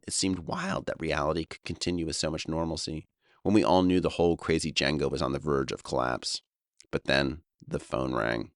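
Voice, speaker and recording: A man in his fifties from Long Island, New York, narrates his own memoir as author, sounding wry and reflective. His exceptionally deep voice has a fairly bright tone, recorded close up and completely dry with no echo.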